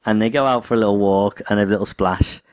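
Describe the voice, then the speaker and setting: A man's voice: on the low side, fairly even intonation, fast talker, no room sound. A man co-hosting a podcast, chatting casually and telling stories with a wry, laughing manner. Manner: storytelling, wry, prone to laughing. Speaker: podcast co-host. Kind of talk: casual chat.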